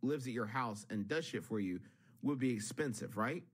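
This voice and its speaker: A man co-hosting a comedy podcast, with a husky, slightly breathy voice. He rambles through his stories and works himself into mock outrage. His pitch sits in the middle range. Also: normal speed. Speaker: podcast co-host.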